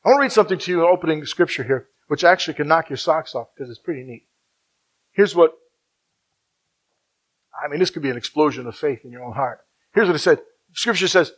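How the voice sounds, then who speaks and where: A man with a high-pitched voice preaches a sermon from the pulpit. He is emphatic, rising on his key points and slowing right down to stress each verse. Now and then he stops and asks his listeners to fill in the next word. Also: animated, slightly rough. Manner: asks the congregation to finish verses. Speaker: pastor.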